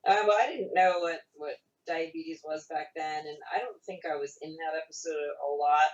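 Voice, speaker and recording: A middle-aged woman, a former child actor, talking fast and laughing often in a casual remote interview. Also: low voice, steady tone. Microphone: video call. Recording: roomy, distant, dull video-call audio.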